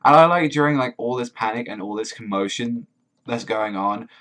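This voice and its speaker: A man giving a casual chapter review, rambling with many "like"s, excitable and swearing freely. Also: medium pitch, moderate pace. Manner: rambling, heavy use of "like"; profane, excitable. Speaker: manga reviewer.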